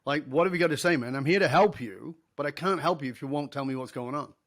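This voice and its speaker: A man's voice: on the high side, fast talker. A middle-aged man, a podcast guest, telling a story in an interview, acting out the dialogue and laughing easily.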